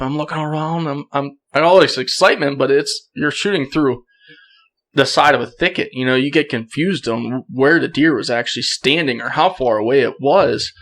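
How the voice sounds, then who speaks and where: A young man tells a story as a podcast guest, casual and animated. He acts out quoted lines and laughs often. His voice sits in an ordinary middle range. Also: mid-range voice.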